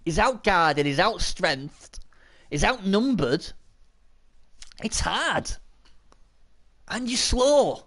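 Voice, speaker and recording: A high-pitched man commentating a video game match live, his voice leaping all over the place. He chats casually, swears now and then and breaks into excited shouts when the action turns. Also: drawn-out words, long pauses. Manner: excitable, bursts into shouting at big plays.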